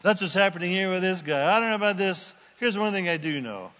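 A man preaching a sermon, telling stories in an animated way and acting out the people in them. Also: high-pitched, fast, big-room sound. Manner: animated storytelling, acting out voices, laughing. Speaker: pastor.

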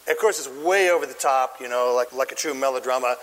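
A man preaching a sermon, telling a story with lively acted-out voices and bursts of shouting. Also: medium pitch, fairly quick, hardly any pauses, big-room sound, rough recording. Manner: animated storytelling, acting out voices and shouting lines. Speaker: pastor.

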